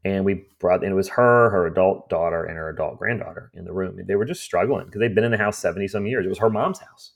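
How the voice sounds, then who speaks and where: Deep, creaky and fast, with few pauses, this man's voice carries conversational stories about his home cleanout business. As the owner of an estate cleanout company, he tells them animatedly, imitating the voices of the people in them.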